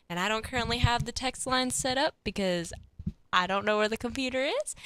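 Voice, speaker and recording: A woman's voice: on the high side, a little fast, fairly bright tone, clean tone, dry recording. A teenage woman with a Southern American accent hosting a radio talk show, giggly and full of "like"s. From Southern United States. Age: late teens. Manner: giggly, storytelling with many "like"s. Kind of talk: casual radio chat. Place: radio studio. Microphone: studio microphone.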